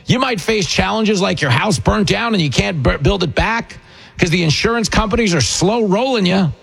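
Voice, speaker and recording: Husky-voiced sarcastic male radio host. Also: sits high, expressive, fairly bright tone, faint music behind. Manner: mocking, rapid asides with mimicked voices. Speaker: radio talk host and comedian. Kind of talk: sarcastic political radio commentary.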